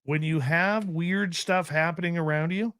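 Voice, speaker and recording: A man hosting a radio talk show, chatting casually and joking with an easygoing, drawn-out delivery. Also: fairly high pitch, steady tone, a bit bright, dry recording, studio quality. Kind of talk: casual radio interview chat.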